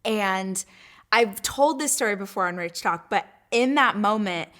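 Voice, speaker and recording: A woman hosting her own talk show, telling a personal story in a gushing, animated way and acting out her own thoughts. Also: medium pitch, unhurried. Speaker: podcast host. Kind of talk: casual storytelling chat.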